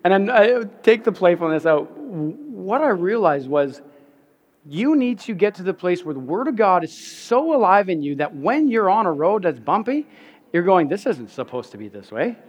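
A man preaches from the pulpit, his voice sitting a little high for a man. He tells stories in an animated way, doubling back over his words and laughing at himself. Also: normal speed. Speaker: pastor. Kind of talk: sermon.

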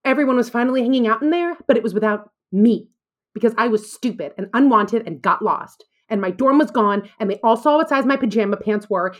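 A woman's voice: fairly high pitch, lively intonation, a little fast. A woman in her thirties telling an earnest, self-deprecating personal story, then answering questions about it.

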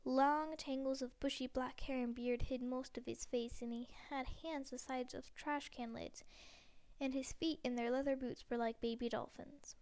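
Brief: woman reading a novel aloud, slightly high voice, steady and gentle, close dry mic. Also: smooth, no room sound. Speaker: narrator.

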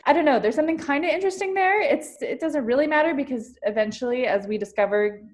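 A woman's voice: high-pitched, expressive, fast talker. A woman co-hosting a podcast, analyzing a comic while thinking aloud, with lots of "like" and "kinda". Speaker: podcast co-host. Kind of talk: casual analytical discussion.

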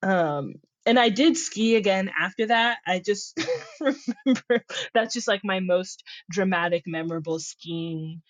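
Lively young woman telling a story. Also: mid-range voice, a little slow, no echo, rough recording. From Connecticut. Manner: animated, laughs often, acts out her younger self. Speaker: guest. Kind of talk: casual storytelling chat.

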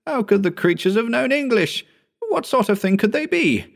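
A man putting on a frantic high young assistant. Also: sing-song, normal speed, vocal fry, full character voice. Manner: frantic, disbelieving outbursts. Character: excitable young male assistant.

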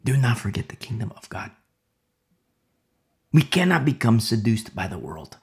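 Emphatic gravelly male preacher. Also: fairly low pitch, very animated, moderate pace, a little mellow. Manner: emphatic, repetitive, storytelling. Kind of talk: sermon.

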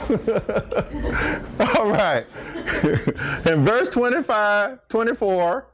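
A man's voice: high-pitched, sing-song, very slow, a bit bright. A middle-aged man leading a Bible study in church, joking and teasing his listeners and laughing often. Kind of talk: playful Bible study teaching.

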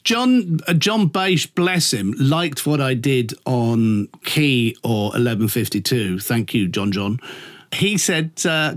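Man, Liverpool accent, middle-aged, camp, flamboyant, swears freely, lively pitch. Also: takes it slowly. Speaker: radio presenter guest. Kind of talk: anecdotal interview chat.

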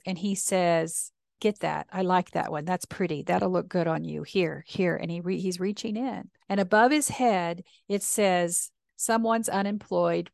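A woman's voice: medium pitch, creaky, no room sound, clean studio sound. A middle-aged woman, a reverend hosting a podcast and sharing personal memories in a confessional, storytelling way. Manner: warm storytelling, confessional, with acted quotes. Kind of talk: personal reflective talk.

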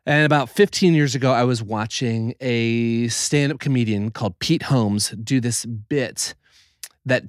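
A man's voice: medium pitch, unhurried, no room sound, studio quality. A man narrating a casual vlog, earnest and rambling, restarting his sentences. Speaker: video host.

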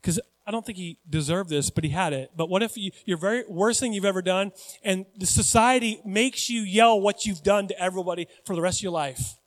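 A male pastor preaching a sermon in a conversational, animated way, often putting questions to the congregation. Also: sits high, a little fast. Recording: long hall reverb.

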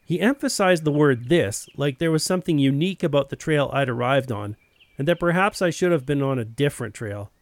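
Man narrating a story, first person, wry and plain, fairly high voice, dry close sound. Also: animated, a little fast, no echo.

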